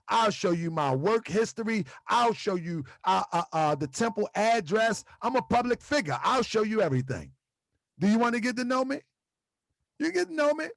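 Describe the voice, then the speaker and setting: Lively high-voiced gravelly man, joking. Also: no room sound, clean studio sound. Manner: animated, jokey, talks in short repeated phrases and laughs often. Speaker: religious community leader hosting a live stream. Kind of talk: casual talk to viewers.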